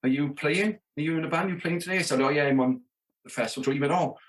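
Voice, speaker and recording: Welsh guy from the valleys rattling off tour stories, quick, keeps doing the voices of everyone. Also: fairly high pitch. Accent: South Welsh. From Wales, Merthyr Tydfil area. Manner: animated, acts out quoted dialogue, many "you know what I mean". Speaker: podcast guest, rock drummer. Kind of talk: casual storytelling.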